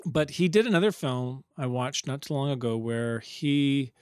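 A man's voice: mid-range voice, normal speed, darkish tone, clean tone, dry recording, studio quality. A man co-hosting a podcast in casual chat, joking and rambling, laughing often. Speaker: podcast co-host.

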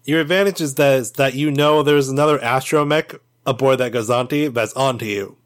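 A man running a tabletop game as game master, his voice sitting at an average pitch. He narrates in a relaxed, conversational way, with quick asides to the players.

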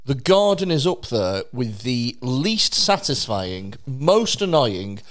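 A man's voice: mid-range voice, big pitch swings, slow pace. A man co-hosting a casual chat, chipping in with reactions and dry asides.

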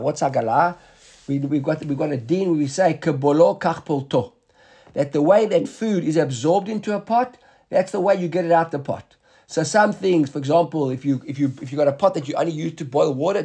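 A man teaching a Talmud class in a slightly raised, gravelly voice with a husky edge. He talks in quick bursts, restarts his sentences and keeps checking that his students follow. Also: fairly high pitch, mellow.

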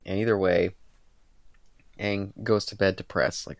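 A man's voice: low-pitched, flat delivery, a little slow, vocal fry, no room sound, studio quality. A man co-hosting a podcast, casually retelling comic scenes and acting out the characters' lines. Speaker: podcast co-host. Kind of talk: casual chat.

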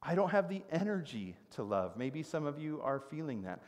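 A man's voice: fairly high pitch, very animated, moderate pace, darkish tone, long reverb tail. A man in his thirties preaching a sermon as a pastor, earnest and conversational, with rhetorical questions and prayerful asides. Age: 30s.

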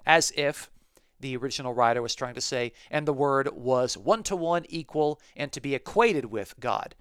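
A man's voice: mid-range voice, a bit bright, smooth, no echo, clean studio sound. A man hosting a podcast, teaching a scripture study in a methodical, explanatory way and repeating key phrases. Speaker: podcast host and Bible teacher.

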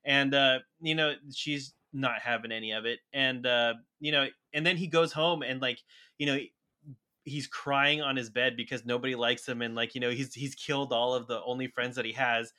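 A man talking casually on a podcast with a bright, sharp-edged tone. He keeps things easygoing and loose, filling his sentences with "you know" as he retells scenes. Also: medium pitch, fairly even intonation, normal speed. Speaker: podcast co-host. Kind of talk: casual chat recapping a TV show.

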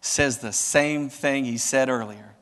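A male pastor preaching a sermon in an animated, dramatic way, often asking the audience questions. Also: mid-range voice, takes it slowly, in a large hall.

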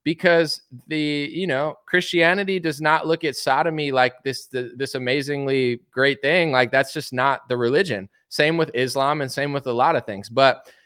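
A man's voice: mid-range voice, steady tone, normal speed, few pauses, fairly bright tone, clear, resonant tone, no room sound, studio quality. A man hosting a casual opinion commentary, talking bluntly and asking one rhetorical question after another. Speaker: commentary show host.

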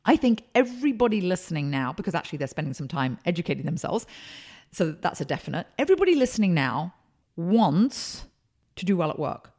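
A woman consultant and speaker, telling emphatic, animated stories as a guest in a podcast interview. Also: fairly low pitch, brisk.

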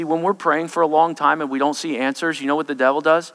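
A man preaching a sermon, swinging between loud, intense lines and hushed, quiet ones. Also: on the high side, fairly even intonation, brisk.

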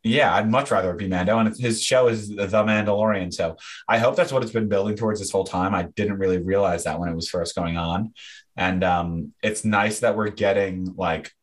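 A man's voice: fairly low pitch, fairly quick. A young man co-hosting a casual fan chat, rambling with fillers and restarts. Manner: rambling, many fillers and restarts, laughs often. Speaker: podcast co-host.

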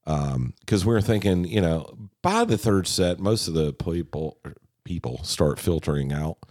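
Brief: male podcast co-host, deep voice with a wide swinging lilt, profane jokey banter, dry close mic. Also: very animated, unhurried, a little mellow, dry recording. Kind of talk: casual chat.

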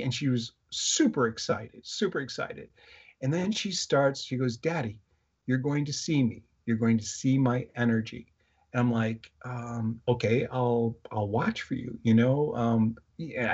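A middle-aged man with a husky, slightly breathy voice tells a personal story in a halting, conversational way, often restarting his sentences. He slips into quoting other people as he goes. The audio sounds a little dull and lo-fi. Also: mid-range voice, darkish tone. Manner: halting, many fillers and restarts, quotes voices while telling a story. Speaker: guest, electronics inventor. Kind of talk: casual interview storytelling.

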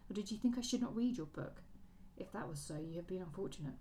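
A woman reading the lines of a cold, proud Regency gentleman, in a quiet, clipped delivery. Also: on the low side, animated, fast, a little hiss or hum, natural voice, poor audio.

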